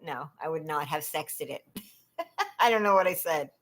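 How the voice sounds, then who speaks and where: A woman's voice: low voice, animated, moderate pace, fairly bright tone. A woman from California hosting a casual trivia livestream, chatty and giggling often as she reads questions and talks to viewers.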